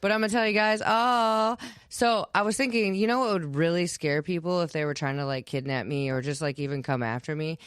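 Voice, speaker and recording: A woman's voice: a little fast, clean tone, no echo, clean studio sound. A woman co-hosting a casual chat, playful and jokey, telling stories with big swings in her voice. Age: adult with a child. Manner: playful, jokey storyteller with lively swings in pitch. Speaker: podcast co-host.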